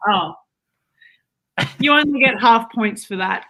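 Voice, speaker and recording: A woman's voice: a little high, slow pace, sharp tone, exaggerated voice. A woman playing a blunt, teasing Australian wife who swears freely, in an improv comedy livestream.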